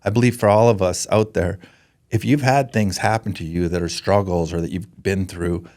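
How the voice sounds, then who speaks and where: A man's voice: low voice, steady tone, normal speed, darkish tone. A man in his forties from Canada, a podcast guest who speaks in an earnest, emotional way and often halts and restarts. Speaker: podcast guest, former pro hockey player. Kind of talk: candid interview talk.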